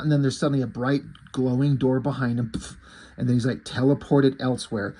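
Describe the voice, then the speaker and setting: A man's voice: medium pitch, lively intonation, moderate pace. A man casually reviewing a comic book, rambling and correcting himself, with the odd swear word.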